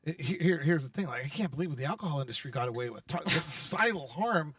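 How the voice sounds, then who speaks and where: A man's voice: fairly high pitch, lively intonation, fast talker, a bit bright, dry recording, far from the mic. A man hosting a casual conference interview, enthusiastic and full of restarts. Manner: enthusiastic, talks over guest, many restarts. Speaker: interview host. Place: conference venue.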